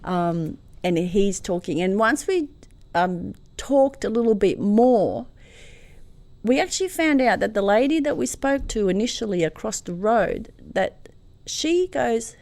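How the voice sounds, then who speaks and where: Interview guest: woman, mid-pitched, dry close sound, animated storyteller. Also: measured pace, no echo. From Croatia. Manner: lively storyteller, swings from hushed to loud and laughing. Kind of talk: telling a personal story in an interview.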